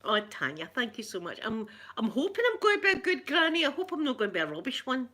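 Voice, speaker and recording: A woman's voice: sits high, very animated, fast, sharp tone. A middle-aged Scottish woman chatting casually with her live viewers, greeting them by name and laughing often. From Scotland. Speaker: ASMR livestream host.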